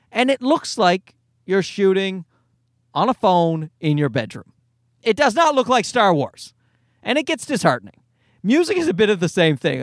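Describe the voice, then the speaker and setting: Guy doing a solo podcast, high voice that bounces all over, rambly and self-mocking, dry close sound. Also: no room sound. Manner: rambling, self-mocking, jumps between voices for quoted asides. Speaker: podcast host. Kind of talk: casual solo podcast monologue.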